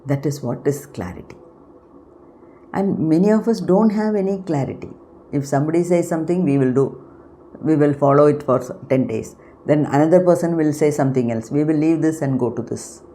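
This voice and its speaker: Woman, spiritual channel host, low mellow voice, measured and explanatory, frequent pauses. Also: slight background noise. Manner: unhurried, explanatory, pausing often to search for words. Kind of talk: unscripted spiritual talk.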